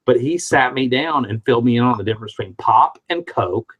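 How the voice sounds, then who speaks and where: A man's voice: mid-range voice, animated, a little fast, a bit bright, dull audio. A man from the Midwest hosting a casual live-stream chat, telling stories with many restarts and reading out viewer comments. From Midwest of the United States. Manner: rambling storyteller with frequent restarts.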